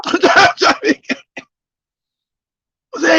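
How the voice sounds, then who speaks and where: A man telling a crude story in loud, casual, profane talk, laughing and breaking into shouts. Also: very high-pitched, moderate pace, pauses often, dry recording. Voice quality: gravelly. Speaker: podcast host telling a story. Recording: dull lo-fi dry sound.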